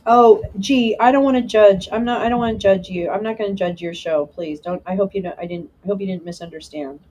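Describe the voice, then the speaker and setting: A woman's voice: fairly low pitch, steady tone, fast, dark tone, husky, poor audio. A woman hosting a live stream, chatting casually with viewers and answering their comments in a meandering way with frequent restarts.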